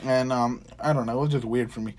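A man's voice: medium pitch, fairly even intonation, fast talker, darkish tone. A young man hosting a casual podcast, rambling through stories, swearing freely and acting out what people said. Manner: rambling storyteller, swears freely, acts out quotes. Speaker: podcast host. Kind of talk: casual chat.

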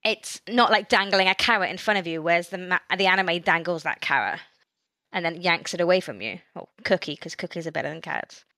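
A woman co-hosting a podcast in casual chat, talking in an animated way and often restarting her sentences. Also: on the low side, a little fast, no room sound. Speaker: podcast co-host.

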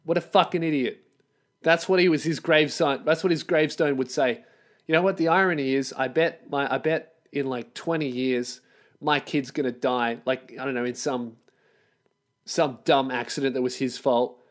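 A man's voice: medium pitch, steady tone, normal speed. A man, hosting a solo podcast and ranting in a profane, exasperated, sarcastic way. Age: 20s. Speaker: podcast host.

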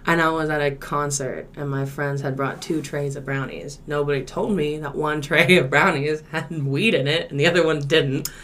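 A young woman, telling a story in casual podcast chat, laid-back and swearing, loud when she acts out quotes. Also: low voice, fairly even intonation, moderate pace, hardly any pauses, a little hiss or hum. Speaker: podcast co-host.

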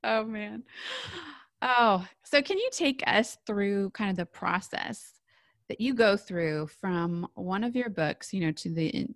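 A woman hosts an interview podcast, reflecting back on what her guest says and asking open questions. Her voice is mid-pitched and sits close and dry, with no room around it. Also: no room sound. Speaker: podcast host. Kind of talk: interview conversation.

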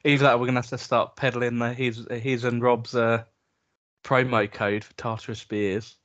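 A man's voice: mid-range voice, little pitch movement, normal speed, a bit bright, muffled recording. A man co-hosting a casual podcast, wry and mock-indignant. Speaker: podcast co-host. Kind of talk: casual chat.

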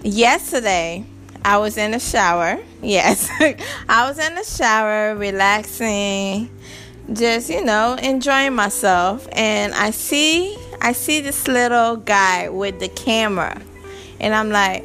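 With faint music behind her, a podcast host in her young adult years speaks slowly in a higher voice. She laughs often while animatedly recounting her exasperation with parenting in a casual monologue.

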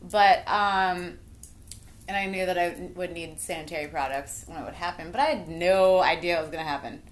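Lively young woman, echoey room. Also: lowish voice, normal speed. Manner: lively storyteller, swears freely. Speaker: podcast co-host. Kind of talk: casual chat. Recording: roomy echo.

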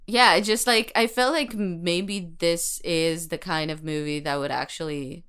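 A woman's voice: on the low side, fairly even intonation, a bit bright, clean tone. A woman co-hosting a casual movie podcast, playful and joking, with lots of fillers. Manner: playful, quick jokes, frequent fillers. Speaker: podcast co-host.

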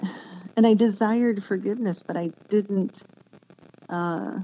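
A woman giving an earnest, emotional personal testimony as an interview guest, speaking haltingly with many restarts. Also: mid-range voice. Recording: dull lo-fi sound with faint background noise.

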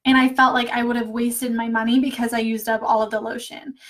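A woman's voice: fairly high pitch, little pitch movement, brisk, fairly bright tone. A woman talking in a casual live chat, answering viewer comments as a money mindset coach. She is chatty and candid and laughs often.

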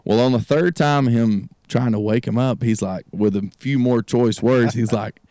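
A man's voice: mid-range voice, fairly even intonation, a little slow, few pauses, mellow, dry recording, clean studio sound. A man, a country music artist, telling a road story as a guest in a casual chat, laughing often and acting out the voices of the people in it. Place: outdoor gazebo on a cold evening.

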